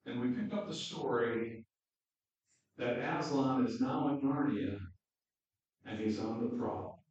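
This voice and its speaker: A male pastor preaching a sermon and reading a story aloud, slow and deliberate, recorded from afar in an echoey hall. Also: medium pitch, darkish tone. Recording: dull echoey hall from far off.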